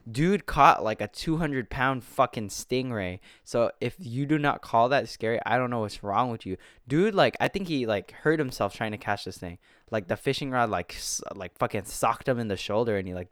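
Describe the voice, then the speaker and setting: A young man chatting casually into a close mic, rambling, swearing freely and bursting out in excitement. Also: medium pitch, clear, resonant tone, no room sound. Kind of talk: casual chat. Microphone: close desk mic.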